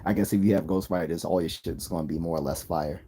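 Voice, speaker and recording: A man's voice: deep voice, steady tone, fast talker, dark tone, a little hiss or hum. A man with an East Coast accent, chatting casually on a livestream, rambling and opinionated as he answers viewer comments. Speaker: livestream host.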